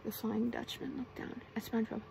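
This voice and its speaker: A woman gently reading bedtime stories aloud in a soft ASMR style, sometimes whispering. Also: fairly high pitch, fairly even intonation, a little fast, vocal fry, very noisy. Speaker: ASMR storyteller.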